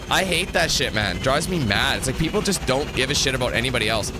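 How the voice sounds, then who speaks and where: A man's voice: mid-range voice, expressive, fast, hardly any pauses, noisy background. A man giving casual gameplay commentary, rambling into a profane rant. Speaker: gameplay video creator.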